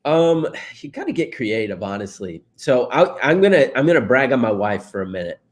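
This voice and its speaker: A man's voice: medium pitch, sing-song, fairly quick. A married man, a guest in a casual interview, telling stories with frequent laughs and fillers. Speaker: interview guest, real estate investor.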